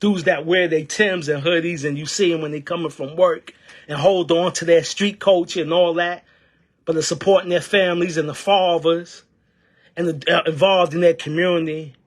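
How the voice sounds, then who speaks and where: A man's voice: a little high, fairly even intonation, normal speed. A man giving fiery, preacher-like union commentary packed with rhetorical questions. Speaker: union member and activist. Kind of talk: impassioned political commentary.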